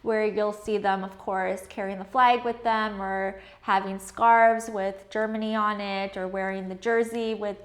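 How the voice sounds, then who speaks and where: A woman's voice: medium pitch, flat delivery, a little slow, hardly any pauses. A woman from Canada, talking casually to camera in a chatty, filler-heavy way. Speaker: vlogger.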